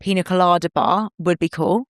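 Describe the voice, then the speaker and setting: A young British woman joins a relaxed podcast chat, teasing her co-host and backing him up with quick interjections. Her voice is recorded close and dry. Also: lowish voice, no echo. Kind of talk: casual chat.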